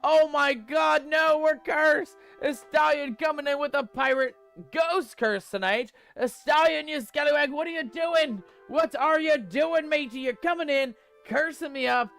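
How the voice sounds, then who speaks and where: A man's voice: extremely high pitch, a little slow, gravelly, fairly bright tone, faint music behind, voice pushed up, full character voice. A man playing a swaggering male pirate ghost captain in a game stream, full of pirate slang and playful bluster. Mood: mock-scolding.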